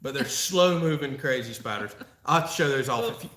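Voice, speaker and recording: There's a roomy echo on this clip of a man from Florida hosting a relaxed live-stream Q&A. His medium-pitched voice is expressive, a bit bright and fairly quick as he responds to chat in a folksy, laugh-filled manner.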